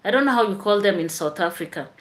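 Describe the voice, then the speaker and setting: A woman's voice: medium pitch, animated, fast. A woman teacher hosting a chatty live stream, tired after work, answering viewer comments.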